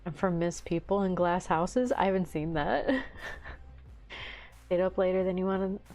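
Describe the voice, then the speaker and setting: A tired woman with a rural Southern American accent, hosting a livestream in a relaxed chat, laughing often as she answers viewer comments. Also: lowish voice, a little slow, soft background music. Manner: laughs often, chatty and easygoing. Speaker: livestream host.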